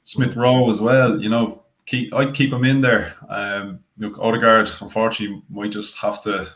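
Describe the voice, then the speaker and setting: A man with a somewhat low voice weighs his views slowly and thoughtfully. He fills his analysis with casual asides as a fan pundit on a discussion panel. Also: little pitch movement, fairly bright tone, low-quality recording. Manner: measured, thoughtful analysis with many "you know" fillers.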